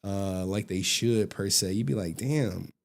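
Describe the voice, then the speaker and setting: This livestream host is a young adult man with a low voice speaking at normal speed. Casual and animated, he tells stories while swearing freely and laughing often.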